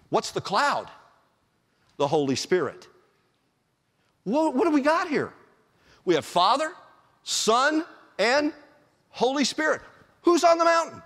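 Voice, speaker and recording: A male pastor preaching a sermon in a church, telling the story in an animated way and chuckling often. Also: extremely high pitch, slow pace, long pauses. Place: church sanctuary. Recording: long church reverb.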